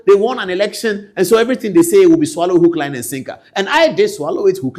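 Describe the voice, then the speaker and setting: A man with a Ghanaian accent giving political commentary, animated and swinging between loud outbursts and low asides. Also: fast talker, hardly any pauses.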